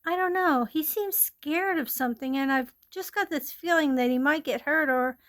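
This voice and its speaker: A high-voiced young girl, read by a woman storyteller, sounding bright and affectionate toward her dog. Her talk is warm and simple, sometimes softly pleading. It is a plain, everyday read-aloud voice rather than a heavy character voice. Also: moderate pace, lightly acted. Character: cheerful young girl, devoted dog owner.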